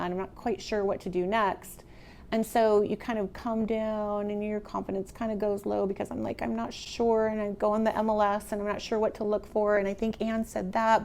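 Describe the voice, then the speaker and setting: Middle-aged woman, motivational speaker, talks straight to her audience, casual and lively, faint room hum behind her. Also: mid-range voice. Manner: conversational, animated, addresses the audience directly. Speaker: real estate speaker. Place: meeting room with a live audience.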